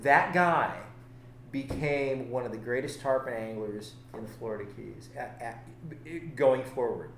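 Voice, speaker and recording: A male fishing captain tells a story in a casual podcast chat, acting out both sides with lively energy. His voice sits at a middle pitch. It rings out in a roomy space with a faint hiss behind it. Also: unhurried. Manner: animated, acts out both sides of his stories. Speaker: fishing guide and boat captain.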